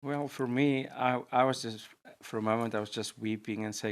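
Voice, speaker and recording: A man's voice: mid-range voice, fairly even intonation, moderate pace, few pauses. A man, a pastor, earnestly telling a personal testimony in conversation, with frequent restarts. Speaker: pastor and guest.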